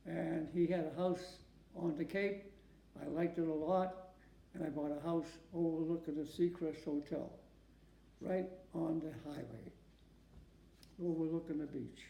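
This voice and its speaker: A very old man from Massachusetts with a dark, gravelly voice, recalling his past in an oral history interview. He talks in halting starts, repeating words and often asking to hear the question again. The recording carries the echo of a room in his home. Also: fairly high pitch, fairly even intonation. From Massachusetts, USA. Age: 90s. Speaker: war veteran interviewee. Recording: echoey room.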